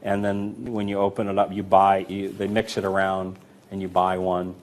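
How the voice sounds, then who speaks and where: A man's voice: low voice, moderate pace. A man casually teaching a coin sleight-of-hand routine, counting coins aloud as he demonstrates and telling stories of older magicians. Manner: relaxed, conversational, tells anecdotes with acted quotes.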